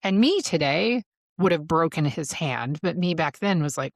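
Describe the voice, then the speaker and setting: A woman's voice: low voice, expressive, fairly quick, no echo, studio quality. A woman in her thirties hosting a podcast, telling her own story in candid casual chat, laughing often and swearing freely. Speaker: podcast host.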